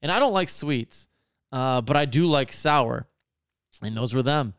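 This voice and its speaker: A man's voice: medium pitch, expressive, a little slow, a bit bright, clear, resonant tone, no echo, studio quality. Rambling, profane man telling a story. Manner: rambling, profane, full of fillers. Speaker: podcast co-host telling a story. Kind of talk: casual storytelling.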